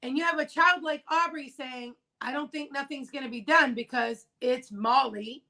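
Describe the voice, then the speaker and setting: A woman's voice: sits high, moderate pace, pushed and bright, poor audio. A woman hosting a casual livestream discussion, talking emphatically and repeating her key points. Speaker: livestream host. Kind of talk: casual discussion of a news case.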